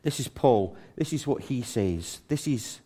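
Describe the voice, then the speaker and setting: Male preacher, sermon, mid pitch, emphatic, animated, storytelling, restarts. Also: a little slow, breathy edge.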